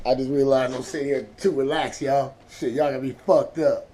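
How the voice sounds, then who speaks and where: A man's voice: medium pitch, steady tone, a little slow, dark tone. A man hosting his own vlog, telling a rambling, profane story in a laid-back way. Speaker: vlog host.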